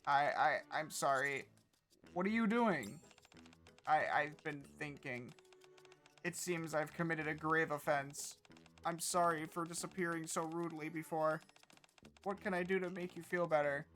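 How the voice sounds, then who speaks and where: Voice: mid-range voice, unhurried, fairly bright tone, faint music behind, natural voice. A streamer voicing a timid, anxious young woman from a game who stammers and begs for forgiveness. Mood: pleading. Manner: stammering, apologetic, clingy. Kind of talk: reading game dialogue aloud.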